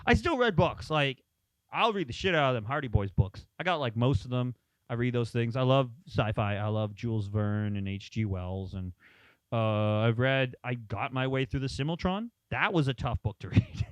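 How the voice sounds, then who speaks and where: A man's voice: medium pitch, animated, normal speed, no room sound. A man co-hosting a casual chat show, rambling through stories and acting out quotes. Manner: rambling storyteller, acts out quotes. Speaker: podcast co-host.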